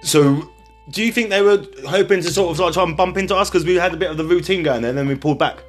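A man's voice: high voice, faint music behind. A man hosting a casual podcast interview, rambling and joking, apologising as he goes. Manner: jokey, rambling, quick to apologise. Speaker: podcast host.

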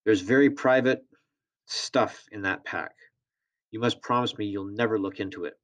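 A man's voice: on the low side, normal speed, a bit bright, lightly acted. A man voicing a fierce, secretive woman living in the bush who shrieks in fury. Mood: embarrassed insistence. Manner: shrieking, furious.

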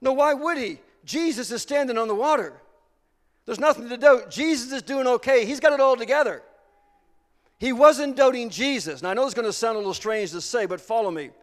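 High-voiced preacher in a reverberant hall. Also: male voice. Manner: earnest preaching, slowing for emphasis, rising to fervor. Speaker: pastor. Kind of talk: sermon.

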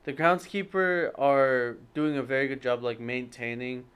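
A man's voice: medium pitch, fairly even intonation, unhurried, fairly bright tone, smooth. A young man telling a long story to friends, rambling and hesitant, with lots of fillers and self-corrections. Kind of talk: casual storytelling among friends.

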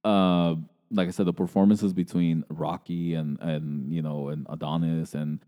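A man co-hosting a movie review podcast, talking in a halting way with many restarts and hedges. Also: a bass voice, level tone, mellow, in a large hall. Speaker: podcast co-host. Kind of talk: casual movie review chat.

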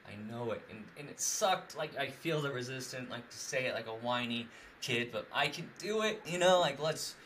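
A young man talks in a loose, rambling way, packing his sentences with fillers and often breaking into laughter. His voice is bright and forward, and a faint hiss of noise sits behind it. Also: mid-range voice, lively intonation, moderate pace. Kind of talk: casual chat.

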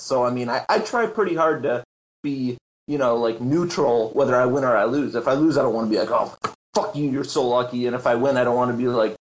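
Through a muffled recording comes a medium-pitched man, a Magic tournament player guesting on a casual podcast. He recounts a story with lots of energy, acting out quotes and laughing often.

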